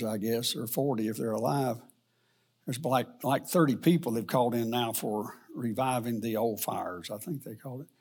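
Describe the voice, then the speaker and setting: Man, Bible study teacher, husky voice, halting and rambling delivery. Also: mid-range voice. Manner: rambling, halting, with many fillers and restarts.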